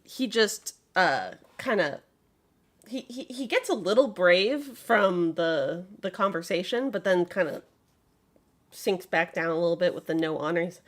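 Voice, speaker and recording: A woman running a tabletop game, describing scenes in casual, lively speech. Her pitch moves a lot and her delivery stays chatty. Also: a little slow. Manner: casual, animated narration. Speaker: game master.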